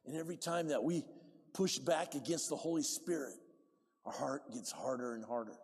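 A man preaching a sermon with lively swings from quiet to loud, asking for amens. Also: medium pitch, moderate pace, slightly rough, long reverb tail.

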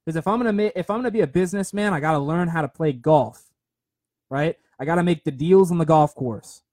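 A man's voice: on the high side, brisk, darkish tone, no echo. A young man talking casually and rambling, who keeps repeating himself and checking in with "right?". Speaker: speaker sharing a motivational story. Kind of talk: casual monologue.

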